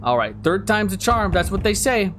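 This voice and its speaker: A man's voice: sits high, big pitch swings, moderate pace, a bit bright, a little hiss or hum. A man hosting a horror game playthrough, chatting casually and teasing his viewers. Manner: playful, teasing, jokes to viewers. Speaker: gaming video host. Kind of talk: casual let's-play commentary.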